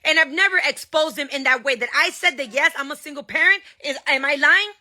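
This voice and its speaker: High voiced woman going off, super sharp edgy tone, swearing and jabbing every point. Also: fairly quick. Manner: angry, blunt, profane, emphatic; slips a few Spanish words into English. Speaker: singer and TV personality. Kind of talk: heated personal statement.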